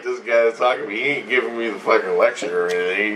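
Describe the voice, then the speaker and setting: A man's voice: medium pitch, fast talker, a bit bright. A man casually recounting a dream, meandering and swearing freely as he goes. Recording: echoey room, distant mic, faint hum.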